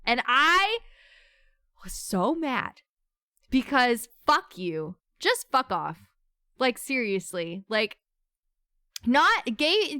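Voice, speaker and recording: A woman's voice: on the high side, clean tone, no room sound, studio quality. A young woman co-hosting a casual book club livestream, talking with emotion and venting about a novel. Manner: emotional, animated, swings between venting and seething.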